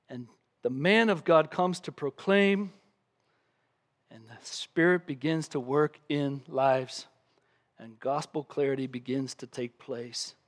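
A man preaching a sermon from the pulpit in a church, telling a Bible story with lots of drama and acting out the voices of the people in it. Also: fairly high pitch. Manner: animated preaching, acting out scenes with raised voice. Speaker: pastor.

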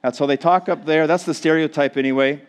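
A man's voice: a little high, steady tone, quick pace, smooth. Minnesota guy in his 40s preaching, laid back and jokey, lots of ums and so's. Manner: joking, self-deprecating, chatty with many fillers. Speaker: pastor. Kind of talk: casual sermon to a congregation.

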